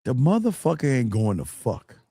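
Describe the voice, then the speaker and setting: Gravelly, blunt dating coach man. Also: huge pitch swings, normal speed, dry recording, clean studio sound. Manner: blunt, profane, gets loud and high when scornful. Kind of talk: livestream advice talk.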